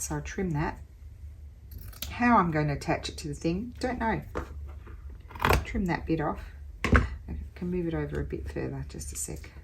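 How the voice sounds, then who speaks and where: A woman's voice: low voice, a little hiss or hum. A woman talking through her sewing project as a craft vlogger, chatty and thinking aloud with little exclamations.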